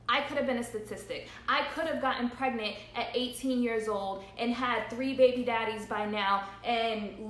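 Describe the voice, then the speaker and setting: A woman's voice: high voice, a bit bright, echoey room. A woman in her thirties speaking earnestly on a livestream, repeating her points and laughing through emotion. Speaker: entrepreneur vlogger. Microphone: phone livestream.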